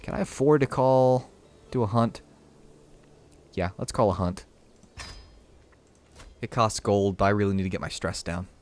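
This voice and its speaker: Low-voiced man streaming a strategy game. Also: unhurried, long pauses. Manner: thinks out loud, reads game text aloud. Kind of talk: casual live gameplay commentary.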